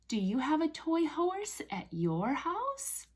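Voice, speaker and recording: A woman's voice: high voice, wildly swooping pitch, slow pace, few pauses, noisy background. A woman speech language pathologist reading a picture book aloud to young children in a sing-song, exaggerated way, with animal sounds and drops to a whisper.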